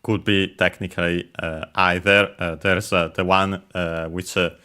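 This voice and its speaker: A low-pitched man talks slowly, teaching language points step by step. He hesitates often and fills his pauses with drawn-out filler sounds. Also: little pitch movement, bright, forceful tone, smooth. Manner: hesitant, many filler sounds, careful and methodical. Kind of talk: explaining Japanese words while playing a game.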